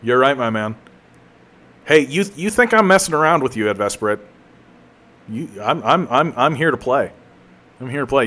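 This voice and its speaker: A man's voice: medium pitch, lively intonation, moderate pace, pauses often, bright, forceful tone. A man chatting casually while he streams a game, rambling and joking at his own expense with plenty of restarts. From Canada. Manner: rambling, joking, self-mocking, many restarts.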